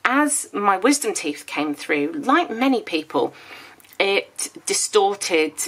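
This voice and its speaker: A woman's voice: mid-range voice, sing-song, slow, fairly bright tone, slightly rough. A woman in her thirties chatting casually in a planner vlog, with a slight lisp from dental aligners and a rambling, chatty way of talking. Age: 30s. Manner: chatty and rambling, with small laughs. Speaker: planner vlogger.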